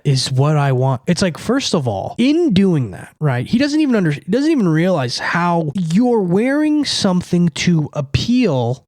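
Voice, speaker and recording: A man's voice: fairly high pitch, darkish tone, dry recording, clean studio sound. Casual, irreverent young man rambling. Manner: rambling, irreverent, frequent "like" fillers. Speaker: podcast host. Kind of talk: casual monologue.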